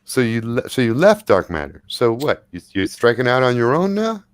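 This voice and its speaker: A man's voice: mid-range voice, big pitch swings, normal speed, clear, resonant tone, no room sound, studio quality, lightly acted. A man voicing a brash, profane punk fixer in a business suit during a tabletop game. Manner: profane, back-slapping, pushy.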